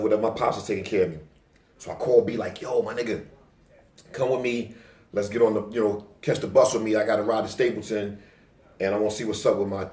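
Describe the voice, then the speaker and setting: Low-voiced New man telling a story. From Staten Island, New York. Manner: loose, profane street talk, acting out his own past lines louder. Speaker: vlogger. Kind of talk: casual personal storytelling. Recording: roomy, distant from the mic.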